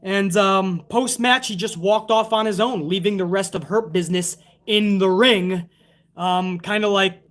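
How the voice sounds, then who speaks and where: A man with a fairly high voice rants through a wrestling recap in casual live-stream style. He swears constantly and leans on sarcasm as he works through the show. He stops now and then to thank viewers for tips. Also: moderate pace, fairly bright tone. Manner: profane, ranting, sarcastic.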